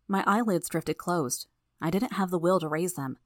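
A woman narrating an audiobook in the first person, with steady, measured storytelling. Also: on the low side, no echo, studio quality.

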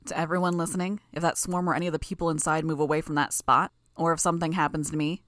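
A woman voicing a cold, manipulative young male villain who gives flat commands, in an audiobook reading. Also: low-pitched, fast talker, dry recording, clean studio sound, lightly acted.

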